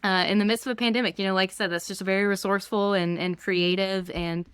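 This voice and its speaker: A woman hosting a casual interview, asking relaxed, friendly questions with some fillers. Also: medium pitch, fast talker, clean tone, dry recording. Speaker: interview host.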